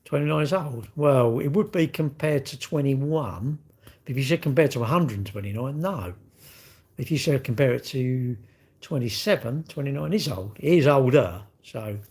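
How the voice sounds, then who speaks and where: A middle-aged man hosts a casual live stream, rambling from one topic to the next. His voice is husky and a little rough. He gives blunt opinions and answers viewers' comments as he goes. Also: medium pitch, moderate pace, a little mellow. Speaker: livestream host.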